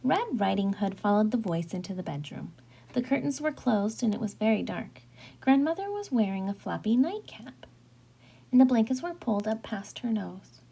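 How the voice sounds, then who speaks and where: Husky, expressive woman reading a storybook. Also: medium pitch, moderate pace. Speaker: teacher reading aloud. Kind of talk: storybook read-aloud narration.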